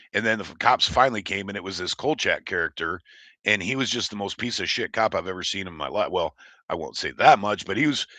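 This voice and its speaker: A man's voice: on the low side, sharp tone, dry recording. A man from Oregon hosting a livestream, chatting casually and reading chat in a rambling, blunt, profane way. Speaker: livestream host.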